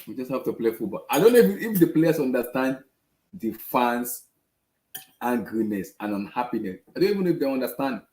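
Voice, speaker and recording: A man's voice: mid-range voice, very animated, brisk, a little mellow. A man hosting a football fan show, talking in a frustrated, repetitive way. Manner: exasperated, repeats himself. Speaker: football fan channel host. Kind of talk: casual fan rant. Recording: echoey room.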